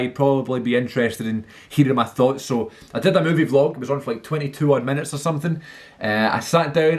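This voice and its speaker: A man talking casually and eagerly to camera about films, rambling with lots of fillers and restarts. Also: medium pitch. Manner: enthusiastic. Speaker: film vlogger. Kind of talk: casual movie list monologue.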